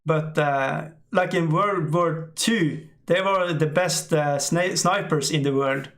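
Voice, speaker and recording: Reading chat aloud on a laid-back live stream, this middle-aged English speaker stumbles along with lots of fillers and keeps laughing. He has a fairly high pitch and a fairly bright tone.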